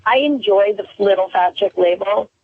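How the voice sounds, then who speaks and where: A woman's voice: mid-range voice, normal speed, breathy edge, no echo. A woman calling in to a radio interview, telling stories in a chatty, self-deprecating way over the phone. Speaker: phone-in guest. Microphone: telephone. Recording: tinny phone line on radio.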